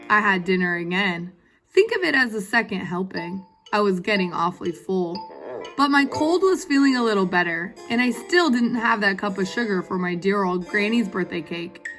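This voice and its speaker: A woman's voice: mid-range voice, a bit bright. A woman reading a storybook aloud as a sniffly, self-pitying male wolf who tells his own side, confiding and indignant, with music underneath. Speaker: guest reader.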